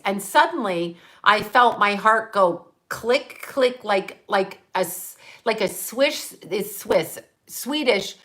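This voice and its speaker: A woman's voice: medium pitch, sharp tone. A woman hosting her own channel, talking in a blunt, profane, rambling way and laughing at her own jokes. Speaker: channel host. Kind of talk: casual live-stream monologue.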